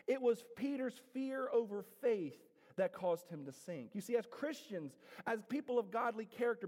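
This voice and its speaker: A man preaching a sermon to his congregation, swinging from loud declarations to hushed, drawn-out lines. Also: very high-pitched. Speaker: pastor. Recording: reverberant hall.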